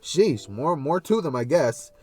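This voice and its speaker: A man's voice: a little high, sing-song, unhurried, a little mellow, soft background music. A man casually narrating a fan story, rambling with many fillers and loose links.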